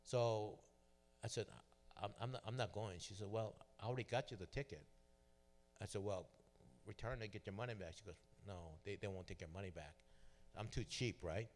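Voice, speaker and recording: A man's voice: lowish voice, moderate pace. Man telling his testimony in a church. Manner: storytelling, acts out quoted dialogue. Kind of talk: personal testimony. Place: church sanctuary. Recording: long hall reverb.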